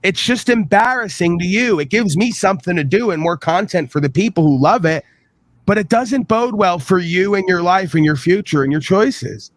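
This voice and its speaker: A man on a livestream lectures with scorn, his fairly high voice stacking insult after insult. The sound is dry and close to the mic, with no room around it. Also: expressive, moderate pace, dry recording. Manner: lecturing, scornful, piles up long lists of insults; mocking quoted voices in a high sing-song. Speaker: streamer host. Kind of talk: heated argument on a livestream.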